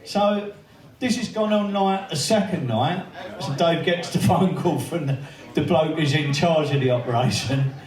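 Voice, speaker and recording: A man's voice: fairly high pitch, measured pace, a little mellow. A man giving a laughing, swear-filled anecdotal speech to a crowd in a pub, acting out the other people's lines as he goes. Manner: swearing, laughing storyteller who acts out the quoted voices. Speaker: speaker at a memorial birthday event. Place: pub function room. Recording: echoey room, heard from a distance.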